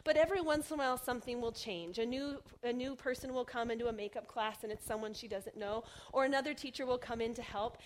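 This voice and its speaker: A woman's voice: fairly high pitch, fast, few pauses. Earnest woman preaching a sermon, slight noise. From Oregon, United States. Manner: earnest, softening to near whispers on key phrases.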